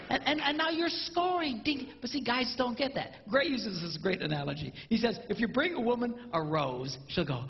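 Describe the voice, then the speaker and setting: Animated male stand-up comic in hall. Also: very high voice, moderate pace, creaky. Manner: animated, acts out spouses in mimicked voices. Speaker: stand-up comedian. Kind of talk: stand-up comedy routine. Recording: roomy live hall, dull lo-fi sound.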